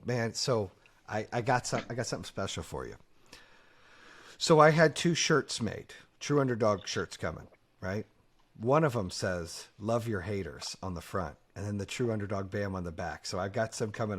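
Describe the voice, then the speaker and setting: A man's voice: lowish voice, expressive, normal speed, a bit bright. A man hosting a podcast in casual chat, talking bluntly and profanely with fired-up energy. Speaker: podcast host.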